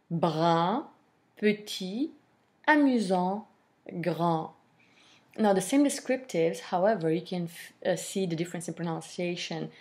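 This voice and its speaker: Female French teacher, unhurried and methodical, slightly low voice. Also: darkish tone. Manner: slow, deliberate explanations, modelling French pronunciation with fillers. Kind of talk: language lesson.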